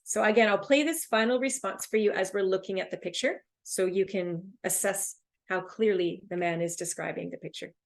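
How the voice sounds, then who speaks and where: A woman with a Canadian accent leads a test-prep webinar. Her intonation rises and falls freely as she explains. A touch of vocal fry runs through her mid-pitched voice. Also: a little fast, few pauses. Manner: lively, rising and falling intonation. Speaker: English test instructor. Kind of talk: webinar teaching.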